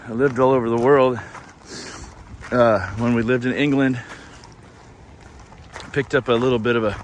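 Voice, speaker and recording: A man's voice: mid-range voice, fairly even intonation, normal speed, a little hiss or hum. A man vlogging on a coastal hiking trail, rambling casually to his camera as he walks. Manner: rambling, chatty, talking to the camera. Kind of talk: casual chat while hiking.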